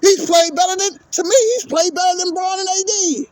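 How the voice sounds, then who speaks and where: A man's voice: very high-pitched, fairly even intonation, fairly quick, dry recording. A man hosting his own sports channel, delivering a heated, profane, repetitive rant at his viewers. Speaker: sports vlogger. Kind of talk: angry ranting monologue.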